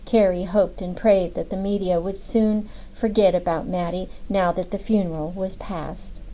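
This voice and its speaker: A woman narrating an audiobook in a steady, measured reading. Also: lowish voice, low-quality recording.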